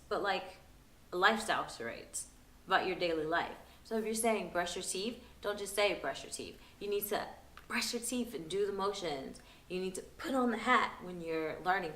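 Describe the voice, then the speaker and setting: A young woman talks through tips for parents in a relaxed, friendly vlog. She is chatty and upbeat and breaks into easy laughs. Her voice is slightly low for a woman, and the room around her gives a noticeable echo. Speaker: parenting vlogger giving tips. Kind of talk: casual instructional vlog. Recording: roomy echo.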